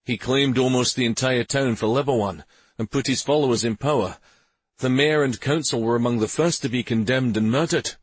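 Dude doing a grim army captain reporting in, formal, a bit higher and louder. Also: male voice, fairly quick, breathy edge, no echo, close to an everyday voice. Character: dutiful male cavalry captain, grim and deferential.

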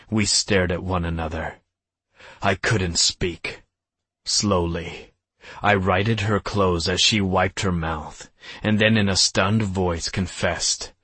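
A man narrating a novel in the first person with a measured, storytelling delivery. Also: deep voice, fairly bright tone, husky, no echo. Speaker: audiobook narrator. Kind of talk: scripted narration.

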